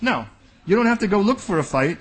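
A male pastor preaches with a high, husky voice that swoops up and down with lively emphasis. He speaks boldly and directly, often slipping into acted-out exchanges to drive a point home. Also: a little fast, soft background music. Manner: bold, direct preaching that acts out dialogues. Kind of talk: sermon.

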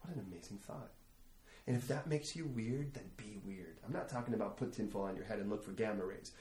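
A man preaching a sermon as a pastor, telling stories and building to animated emphasis. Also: on the low side, fairly quick. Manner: storytelling, rising to animated emphasis. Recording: echoey room, faint ambience.

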